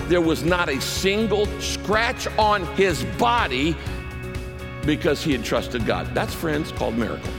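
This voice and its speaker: A man preaching a sermon, telling a scripture story in an animated, emphatic way. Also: a little high, unhurried, gravelly, big-room sound, music in the background. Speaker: pastor.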